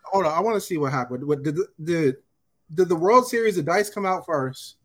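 Animated man retelling a show. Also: fairly high pitch, brisk. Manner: animated storytelling, acting out characters' lines. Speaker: podcast host recapping a TV episode. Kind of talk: casual chat.

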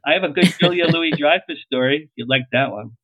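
A middle-aged man, a publicist, telling lively anecdotes in an interview and acting out the lines he quotes. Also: a little high, fast, dry recording. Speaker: publicist guest. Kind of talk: storytelling interview. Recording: tinny phone-like line, dry.

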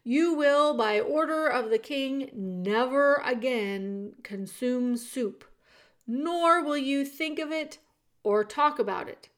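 A woman reading aloud, voicing a dutiful male soldier who speaks in a loud, formal, matter-of-fact way. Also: high voice, takes it slowly.

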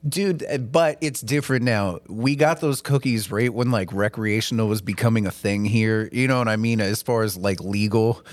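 A man's voice: on the low side, moderate pace, few pauses, no room sound. A man, a tattoo artist co-hosting a podcast, trading loose, profane banter in casual chat.

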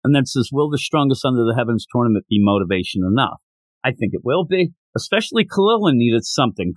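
Animated man recapping a comic. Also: dry recording. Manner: animated retelling, acting out lines in quick higher voices. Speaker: podcast host. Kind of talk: casual manga recap.

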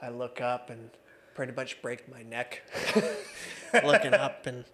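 Taking it slowly with fairly even intonation at a medium pitch, a man in his thirties chats as an interview guest, laughing and using lots of fillers. He's an MMA referee and judge telling casual stories, and there's background noise.

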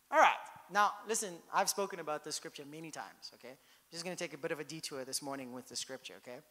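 A man's voice: high voice, expressive, fast, sharp tone, big-room sound. A man preaching a sermon as pastor, in a conversational style that keeps checking in with the congregation.

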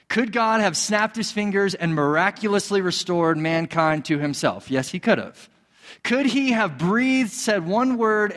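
A man preaching a sermon as a pastor, animated, acting out quoted voices. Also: long reverb tail. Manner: animated, acts out quoted voices in a higher pitch.

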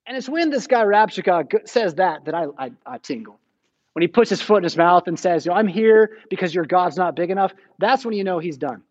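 High-voiced American preacher, casual storytelling. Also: male voice, expressive, brisk, a little mellow, highs cut off. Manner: casual storytelling with acted-out quotes. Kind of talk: sermon. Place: church.

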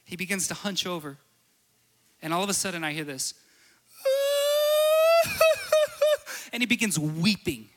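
A man's voice: fairly high pitch, fairly quick, heavy background noise. A man preaching a sermon with stories, earnest and repeating phrases for emphasis. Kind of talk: sermon with storytelling.

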